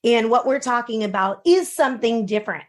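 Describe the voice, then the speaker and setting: A woman guest speaking earnestly and deliberately in a discussion. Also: fairly high pitch, animated. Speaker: podcast guest.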